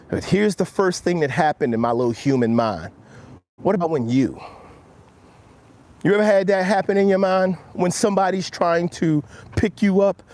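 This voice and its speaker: Earnest motivational man, lively pitch. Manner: earnest, coaching, speaks directly to viewers; drops low and quiet when quoting himself. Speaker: motivational live-stream host. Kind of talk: walk-and-talk motivational live stream. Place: outdoors on a walk.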